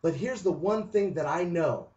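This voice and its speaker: A man's voice: a little high, moderate pace, darkish tone. A man giving an inspirational talk who tells a story dramatically and acts out the voices of the people in it. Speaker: motivational speaker. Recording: distant, roomy, dull lo-fi sound.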